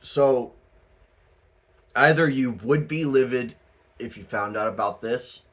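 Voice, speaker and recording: Slow-talking man giving a casual tarot reading. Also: mid-range voice. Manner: laughing, swearing, rambling and animated. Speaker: tarot reader.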